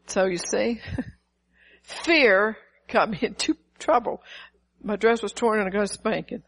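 Older woman pastor, animated sermon delivery with asides to the congregation. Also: mid-range voice, moderate pace, poor audio. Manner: lively preaching with rhetorical questions and acted-out quotes.

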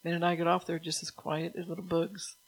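A woman's voice: lowish voice, flat delivery, fast, poor audio. A woman preaching a sermon. She relays God's words in the first person, reads out Bible verses and drops into casual asides to the congregation.

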